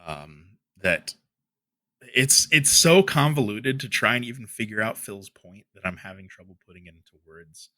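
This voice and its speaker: Bright, lively ranting man. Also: mid-range voice, moderate pace. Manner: ranting, insulting, fired up. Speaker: commentary YouTuber. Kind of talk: heated commentary.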